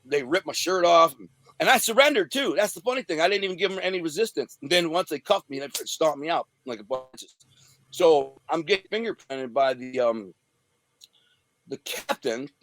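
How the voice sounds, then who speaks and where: Brief: streetwise man, slightly high voice, dry close sound, profane storyteller. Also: lively intonation, normal speed, a bit bright, dry recording. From Detroit area, USA. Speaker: interview guest. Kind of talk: storytelling about his past.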